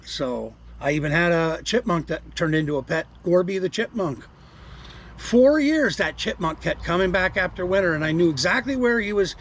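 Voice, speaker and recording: A man's voice: sits high, animated, normal speed. A man in his sixties in a casual outdoor vlog, rambling to viewers and talking to the animals around his campsite. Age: 60s. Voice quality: gravelly, husky. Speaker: vlogger.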